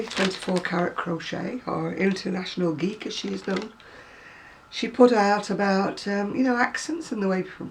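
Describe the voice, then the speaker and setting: A woman's voice: medium pitch, darkish tone, a little hiss or hum. A middle-aged woman with a Manchester accent, chatting casually to camera and laughing often. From Northern England. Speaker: vlogger.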